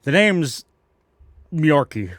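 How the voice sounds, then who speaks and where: A man's voice: a little high, big pitch swings, drawn-out words, fairly bright tone, no echo, exaggerated voice. A man voicing a big, friendly male orc barkeeper with a Boston accent, talking in a brash, streetwise way. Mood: gruff.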